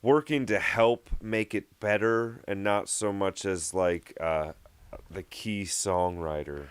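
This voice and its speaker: Jokey musician guest, low smooth voice. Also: male voice, slow pace, no echo. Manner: jokey, rambling, slips into joke accents. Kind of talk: casual interview chat.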